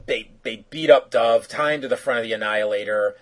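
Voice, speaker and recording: A man's voice: medium pitch, brisk, low-quality recording. A man co-hosting a podcast, casually recapping an episode in a rambling, joking way. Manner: rambling, joking, filler-heavy. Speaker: podcast co-host.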